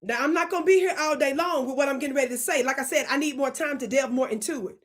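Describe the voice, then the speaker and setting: A fast-talking woman with a high-pitched voice hosts her own channel. In a fiery, moralizing commentary she scolds viewers, stretching words out for emphasis and constantly asking whether they are paying attention.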